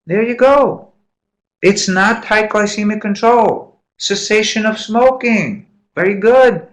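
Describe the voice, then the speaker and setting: Lively man quizzing a medical class. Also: high-pitched, unhurried. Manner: quizzing students, repeating key points, lively and encouraging. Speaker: medical lecturer. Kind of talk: interactive classroom lecture.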